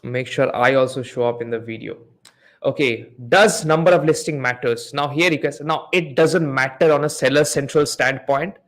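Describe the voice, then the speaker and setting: A man hosts a live Amazon PPC Q&A webinar about selling ads, walking through it step by step while sharing his screen and quizzing the audience. His voice is mid-range and fairly bright, at a normal speed.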